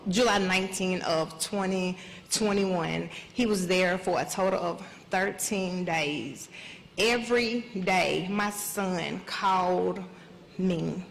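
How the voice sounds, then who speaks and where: A middle-aged woman speaks slowly and haltingly on a conference stage and fights back tears as she tells her story. Her words trail off and repeat. The sound rings in a reverberant hall with a faint background hiss. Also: lowish voice, vocal fry. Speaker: mother of an incarcerated son. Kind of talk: emotional panel testimony.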